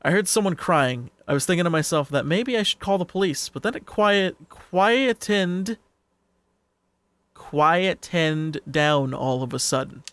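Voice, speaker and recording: A rambling, folksy old neighbor who drinks whiskey before bed and talks in a loose, meandering way, as a man reads him aloud during a game stream. The voice sits a little high. The sound is dry and close. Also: lively intonation, measured pace, a bit bright, dry recording.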